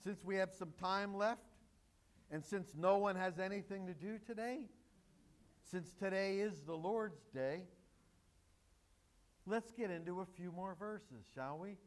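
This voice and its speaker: High-voiced, slow-paced man preaching. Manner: emphatic, joking asides to the congregation. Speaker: pastor. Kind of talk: sermon.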